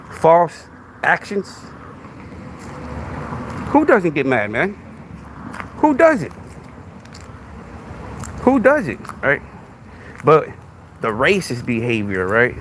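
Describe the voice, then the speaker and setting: Confrontational Texan man with gravelly voice. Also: a little high, a bit bright, slight background noise. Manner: confrontational, repetitive, rhetorical questions. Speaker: podcast host. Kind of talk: live stream talking to a commenter.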